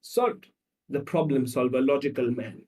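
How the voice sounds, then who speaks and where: Animated man, mellow voice, set back. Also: on the high side, moderate pace, distant mic. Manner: acts out voices of people in his examples. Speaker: psychologist guest. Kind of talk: animated storytelling explanation.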